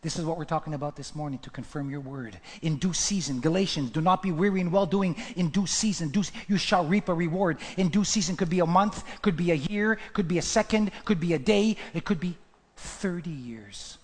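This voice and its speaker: A male pastor preaching a sermon, emphatic, repeating his key phrases and swinging from hushed to loud. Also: on the high side, brisk, few pauses. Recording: long hall reverb.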